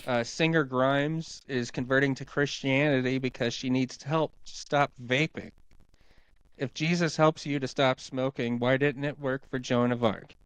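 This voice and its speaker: Smooth, dry-sounding male comic. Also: medium pitch, fairly even intonation, measured pace, no echo, poor audio. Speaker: comedian guest. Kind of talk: reading monologue jokes.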